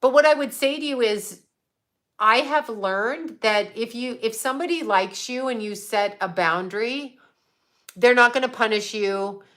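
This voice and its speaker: A woman's voice: a little high, unhurried, a bit bright. A middle-aged woman talks straight to her livestream viewers in a loose, conversational way. She is blunt and swears freely as she answers their comments. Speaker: psychic livestream host. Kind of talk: casual livestream chat reading comments.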